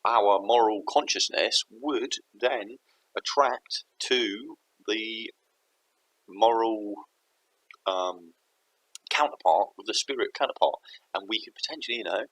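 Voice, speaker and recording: Rambling low-voiced man. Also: slow, fairly bright tone, poor audio. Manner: rambling, self-interrupting, musing. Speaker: vlogger. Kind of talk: casual thinking aloud to camera.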